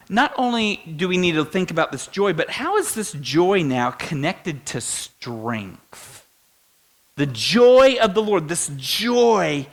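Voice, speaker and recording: A man's voice: mid-range voice, a bit bright. A young man preaching, telling a funny personal story and laughing at himself. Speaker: pastor.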